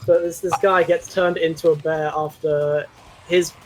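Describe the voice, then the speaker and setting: A man's voice: on the high side, flat delivery, measured pace, noisy background. A man chatting over a voice call on a gaming stream, rambling and easily sidetracked. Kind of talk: casual gaming stream chat.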